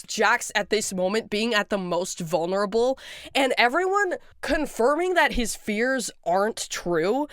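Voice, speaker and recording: A fan rambling casually about a cartoon, excitable and giggly, often breaking into laughter. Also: medium pitch, measured pace, dry recording, studio quality. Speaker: fan commentator.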